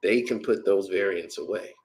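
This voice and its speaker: A man with a very low, deep voice talks through a movie trailer in loose, conversational commentary. He speculates as he goes and leans on fillers and restarts. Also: normal speed, darkish tone. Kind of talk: casual commentary.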